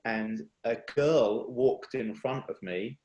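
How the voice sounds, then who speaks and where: A man giving an earnest, confessional personal testimony over a video call, halting and restarting as he speaks. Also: mid-range voice, warm tone, echoey room, highs cut off. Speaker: speaker at a worship workshop.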